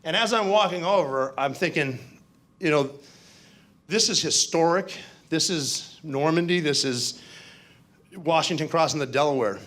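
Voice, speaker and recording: A man telling a war story to an audience in a conversational, animated way with asides. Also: fairly high pitch, unhurried, pauses often. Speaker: keynote speaker. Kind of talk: storytelling speech.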